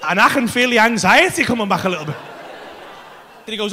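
A male English stand-up comedian telling a story on stage, animated and sweary, acting out both sides of the conversation. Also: high voice, fast, pauses often, slightly rough.

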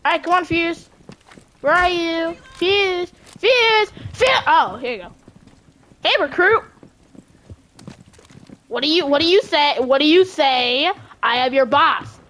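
A young woman chatting casually while playing a video game, excitable and often yelling at teammates. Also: high voice, unhurried, pauses often. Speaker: gamer streamer.

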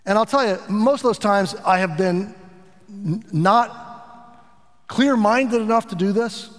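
A middle-aged pastor preaching a sermon in an earnest, animated way, with asides to his congregation. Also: high-pitched, measured pace, big-room sound.

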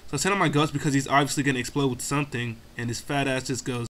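A man's voice: mid-range voice, steady tone, rapid-fire, background noise. Young man ranting through a game. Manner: profane, ranting play-by-play; exasperated, self-mocking asides. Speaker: gaming commentator. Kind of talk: casual game commentary.

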